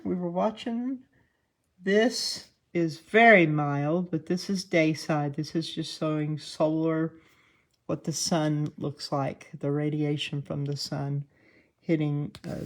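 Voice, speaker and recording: A woman with a Southern US accent, just woken up and sleepy, chatting casually through a live stream as she thinks aloud over space weather charts. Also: sits low. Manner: chatty, laughs often, thinks aloud while scanning charts.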